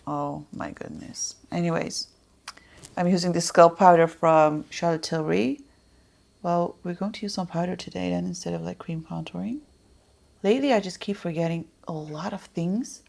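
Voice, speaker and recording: A woman with a fairly low, gravelly voice talks casually through a makeup tutorial. She rambles and drifts into soft muttered asides. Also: moderate pace. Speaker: beauty vlogger.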